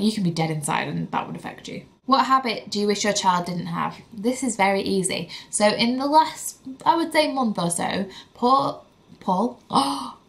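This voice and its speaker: A woman's voice: on the low side, vocal fry. A young woman, chatting candidly to camera as a vlogging mother, with lots of "like" fillers. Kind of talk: casual chat to camera.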